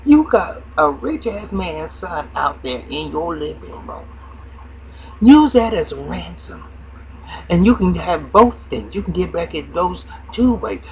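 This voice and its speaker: A man voicing a brash, scheming young woman who is foul-mouthed and bossy, in a high mocking falsetto. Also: vocal fry, slight background noise, poor audio.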